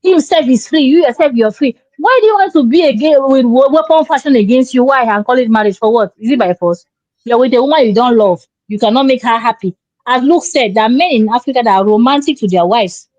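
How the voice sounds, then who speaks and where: Woman, co-host type, preachy and emphatic, slightly high voice, dull lo-fi dry sound. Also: animated, brisk, darkish tone, no room sound. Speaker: relationship show co-host. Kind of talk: opinionated advice talk.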